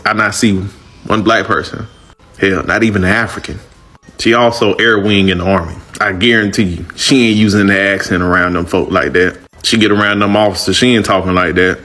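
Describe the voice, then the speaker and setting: Man, low-pitched, slangy and emphatic, casual reaction commentary. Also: pushed and bright. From northern Louisiana.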